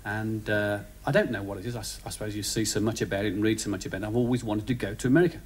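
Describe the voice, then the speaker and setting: Comic telling stories on stage. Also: male voice, racing, slight background noise. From England. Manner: excitable comic storytelling, bursts into high-pitched put-on voices. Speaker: stand-up comedian. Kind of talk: stand-up storytelling. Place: theatre stage before a live audience. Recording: live TV stand-up, heavy audience laughter. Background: loud audience laughter.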